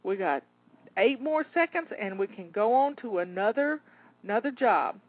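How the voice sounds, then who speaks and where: It's a motivational cleaning pep talk from a home organizing coach, a woman whose medium-pitched voice has lively intonation at a normal speed. She encourages and coaxes listeners, repeats words, and is a little winded. The sound is dry and tinny, like a phone.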